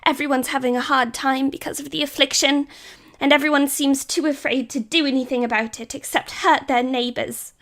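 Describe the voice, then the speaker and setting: A woman's voice: high-pitched, fairly even intonation, fairly quick, few pauses, fairly bright tone. A woman voicing an elderly female brown squirrel in a tabletop game, speaking earnestly and with determination. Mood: determined.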